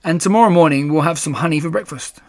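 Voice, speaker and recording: A man reading a storybook aloud, voicing a gentle, simple-minded male teddy bear in a mild, wondering way. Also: a little high, quick pace, lightly acted.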